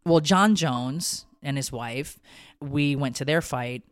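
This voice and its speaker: A woman in her thirties tells a story on a podcast, emotional and animated, with plenty of swearing. Her voice is smooth and resonant. The studio sound is close and dry. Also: very deep voice, takes it slowly, dry recording. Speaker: podcast co-host. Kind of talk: casual storytelling.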